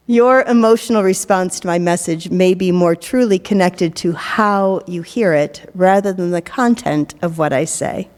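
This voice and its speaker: Middle-aged woman preaching a sermon, kinda playful, fairly low voice, big echoey church hall. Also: a little slow, a little mellow. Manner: playful, joking asides. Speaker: minister. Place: church sanctuary during worship. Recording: long reverb of a large hall.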